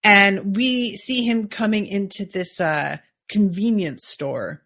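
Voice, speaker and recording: Woman podcast host, unhurried delivery, mid-range voice, chatty recap, thinking out loud. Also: medium pitch. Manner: chatty, musing, full of "like" asides. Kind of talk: casual episode recap.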